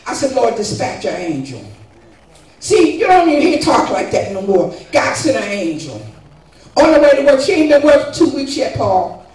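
Older woman, fervent emphatic testimony, high voice, distant mic, echoey church, faint music. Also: a little mellow. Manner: fervent, emphatic, keeps asking "guess what". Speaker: congregant giving testimony. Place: church sanctuary. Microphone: distant room mic.

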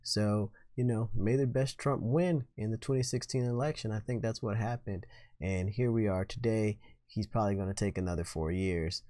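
A man's voice: lowish voice, moderate pace, dark tone, no echo, clean studio sound. A man hosting his own political commentary show, talking in an opinionated, sarcastic way. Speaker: host.

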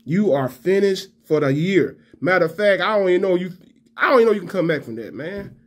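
A man's voice: high-pitched, animated, a little fast. A man giving a fired-up, profane fan rant to camera. He trash-talks and repeats himself. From Alabama fan. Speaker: college football vlogger.

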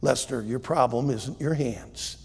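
A man voicing a calm, stern male doctor who answers in short, low, firm lines. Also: a little slow, creaky, breathy edge, in a large hall.

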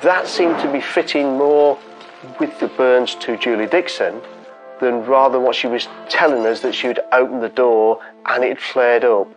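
A man with a mid-range voice explains fire forensics in a plain, technical way. A soft music bed hums faintly behind him. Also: medium pitch, moderate pace, poor audio. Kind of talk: documentary interview.

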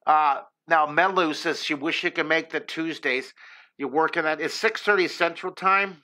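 A middle-aged drawing teacher hosts a live lesson, sketching while he chats with viewers in an upbeat, encouraging way. His voice is slightly high, pushed and bright, at a normal speed.

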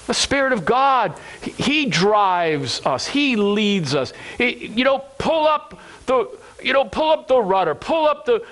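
A man's voice: extremely high pitch, expressive, slow pace, fairly bright tone, poor audio. A male pastor preaching a sermon to his congregation, earnest and repeating phrases for emphasis, calling listeners friends.

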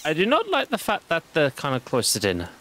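A man's voice: on the high side, huge pitch swings, brisk, bright, forceful tone. Man rambling over faint game music. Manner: rambling and self-deprecating. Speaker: streamer. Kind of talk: casual live-stream commentary while gaming. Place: home.

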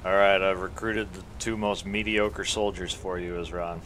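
A man's voice: sits low, little pitch movement, normal speed, fairly bright tone, slight background noise. A man streaming a fantasy video game, chatting casually with sarcastic jokes as he plays. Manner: joking, sarcastic asides. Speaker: gaming streamer. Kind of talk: casual let's-play commentary.

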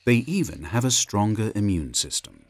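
A man narrating a wildlife documentary in a measured, informative scripted delivery. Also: fairly low pitch, big pitch swings, husky, no room sound.

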